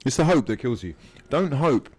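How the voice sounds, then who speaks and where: Excitable man shouting at a football match. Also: mid-range voice, normal speed, breathy edge. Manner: animated, swears, shouts at players, then mutters apologies. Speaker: fan channel host. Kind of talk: live fan watchalong commentary.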